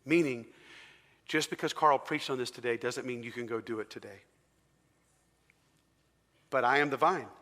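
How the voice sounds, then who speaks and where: A man's voice: medium pitch, normal speed, long pauses, sharp tone. A man preaching a sermon in a large church hall, talking to the congregation conversationally and asking them questions. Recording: long hall reverb.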